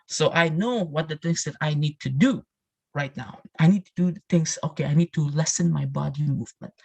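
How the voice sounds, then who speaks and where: A man presenting in a live English class, talking earnestly to his listeners and repeating phrases as he restarts his sentences. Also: a little high. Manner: addresses listeners directly with "you know" and "right". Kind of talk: motivational talk.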